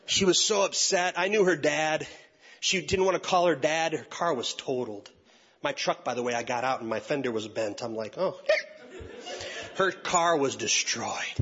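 A man, a youth pastor and speaker, telling a funny story in an animated way and acting out each person's voice. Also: a little high, moderate pace, breathy edge. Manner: animated, acts out every voice. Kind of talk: comic storytelling talk. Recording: dull lo-fi recording.

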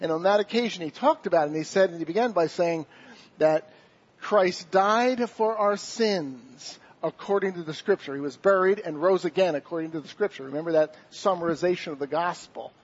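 A man preaching a sermon in a church, earnest, slowing down to stress key words. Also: sits high, slightly rough, muffled recording. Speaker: pastor.

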